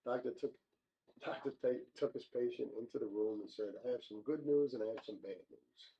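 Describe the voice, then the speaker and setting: A man's voice: medium pitch, a little fast, gravelly, a little hiss or hum. Man reading jokes, dull lo-fi sound. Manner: plain joke-telling with small stumbles, brief voice changes for characters. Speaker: joke show host.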